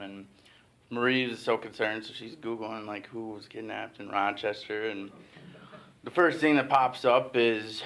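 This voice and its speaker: A man's voice: on the low side, moderate pace, fairly bright tone. A man from Illinois telling a humorous personal story as a club speaker, casual and self-deprecating with frequent fillers. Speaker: humor master giving a club speech. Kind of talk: comic storytelling speech. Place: meeting room.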